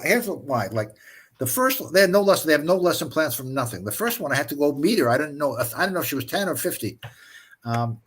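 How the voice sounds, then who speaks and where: A man's voice: a little high, fairly bright tone, husky. A man chatting casually on an online show, telling stories in a rambling way with many restarts. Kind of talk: casual chat, storytelling.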